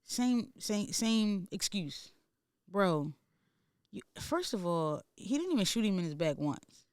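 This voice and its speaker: A man's voice: sits high, big pitch swings, takes it slowly, smooth, no room sound, clean studio sound. A man co-hosting a podcast in casual chat, talking in a heated, profane, emphatic way. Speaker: podcast co-host.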